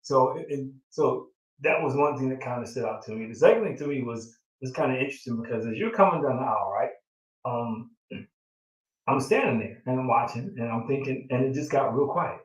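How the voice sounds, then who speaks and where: A middle-aged man speaks as a proud father, reminiscing in a loose, emotional way with lots of fillers. His voice sits in a middle pitch. It sounds roomy and a bit distant from the mic. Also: fairly quick. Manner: reflective, emotional storytelling with many fillers. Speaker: father of the groom. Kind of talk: casual chat.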